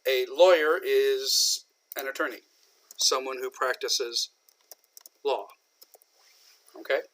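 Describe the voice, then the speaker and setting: A man from southern Indiana, patiently explaining an English idiom in a recorded lecture, with many pauses and fillers. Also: mid-range voice, fairly bright tone, slight background noise. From southern Indiana, USA. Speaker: English teacher.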